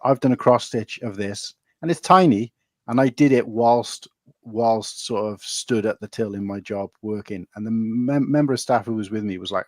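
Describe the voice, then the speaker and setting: A man's voice: fairly low pitch, moderate pace, darkish tone, dry recording, studio quality. A man co-hosting a casual chat, talking in an enthusiastic, chatty way. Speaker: co-host.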